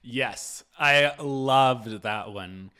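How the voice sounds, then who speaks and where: Male podcast host, enthusiastic and complimentary, bright tone. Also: mid-range voice, very slow, clear, resonant tone. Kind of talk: casual interview.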